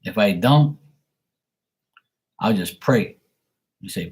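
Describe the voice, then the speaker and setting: A man's voice: fairly low pitch, animated, slow pace, long pauses, darkish tone, husky. A man in his forties chatting casually on a live stream, telling stories in a profane, ranting way and greeting viewers. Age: 40s. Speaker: live tarot reader.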